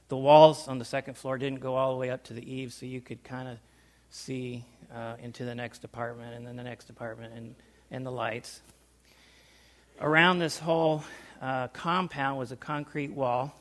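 A man telling a personal story to a small group, animated, with loudness swinging up and down and sounds acted out. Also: medium pitch. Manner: animated, loudness rising and falling, acts out sounds. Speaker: speaker recounting life overseas.

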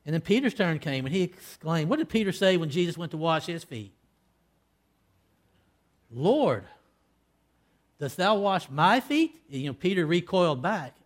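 A man preaching a sermon, acting out scripture dialogue, with loud emphatic peaks that fall to hushed, low line endings. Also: lively intonation, a little fast, hardly any pauses. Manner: acts out quoted lines in old-fashioned scripture wording.

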